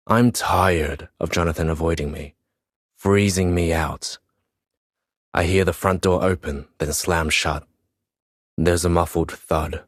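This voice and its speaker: Very deep, slow man narrating. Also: no room sound, studio quality. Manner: weary, reflective storytelling. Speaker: audiobook narrator. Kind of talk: first-person audiobook narration.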